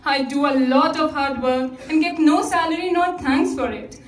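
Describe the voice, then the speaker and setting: A woman acting a fed-up middle-aged mother on stage, talking in a sharp, mocking way. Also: sits high, moderate pace, lightly acted. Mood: cool. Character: fed-up middle-aged mother turning the tables on her family. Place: theatre stage. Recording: echoey hall from far off.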